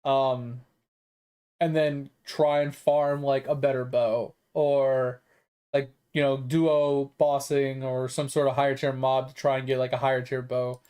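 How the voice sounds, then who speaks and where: With a dark, clear, resonant voice of medium pitch, this streamer talks unhurriedly and with little pitch movement. His casual gaming chat rambles along, heavy on "like" and "um," with swearing every so often.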